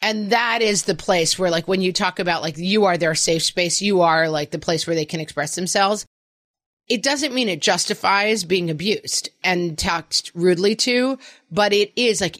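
Mom co-host chatting, lowish voice, plays out quotes, dry close mic. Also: female voice, no echo. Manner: animated, acts out quotes of her kids. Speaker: podcast co-host, parent. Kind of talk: casual chat.

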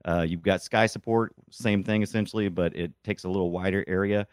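A man's voice: low voice, fairly quick, no echo, studio quality. Rambling man in casual game chat. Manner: rambling, restarts often, excitable. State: sick, congested. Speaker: podcast co-host. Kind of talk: casual chat about games.

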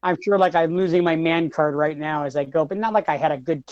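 A man's voice: fairly high pitch, quick pace, darkish tone, no echo, muffled recording. A man in his thirties co-hosting a casual podcast, rambling and repeating words, laughing often. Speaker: podcast co-host.

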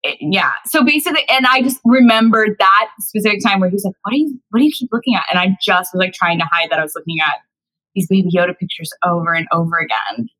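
A woman's voice: fairly low pitch, fast talker, sharp tone, rough recording. Bubbly, rambling young woman guest. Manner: bubbly, giggly, rambling with many restarts. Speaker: podcast guest, actress and singer. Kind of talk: casual interview chat.

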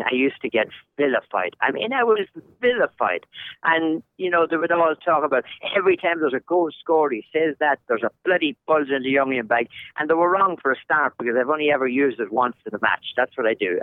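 A man's voice: mid-range voice, dry recording. An older man with an Irish accent, a soccer commentator telling jokey stories as a podcast guest. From Ireland. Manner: jokey storyteller. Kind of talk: casual podcast interview. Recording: dry, tinny phone-like line.

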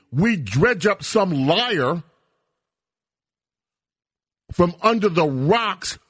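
A man's voice: high voice, no room sound. A man hosting a talk radio show, ranting in a heated, emphatic political monologue from a studio microphone.

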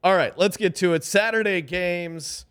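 Lively betting-show host, higher male voice, loose and jokey. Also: normal speed, clean tone. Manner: animated, reads ads loosely and jokes. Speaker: podcast host. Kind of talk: casual sports betting chat.

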